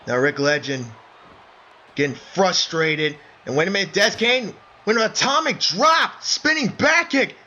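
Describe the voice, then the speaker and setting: A man doing excited play-by-play wrestling commentary, breaking into shouts of surprise and calling his listeners folks. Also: high-pitched, measured pace. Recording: dull lo-fi recording with faint noise.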